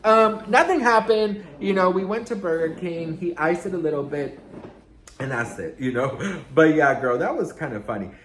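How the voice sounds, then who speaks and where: A man telling a storytime in a sassy, dramatic way, swearing and swinging his pitch up and down. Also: expressive, normal speed, a bit bright, echoey room. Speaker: storytime vlogger. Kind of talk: casual storytime monologue.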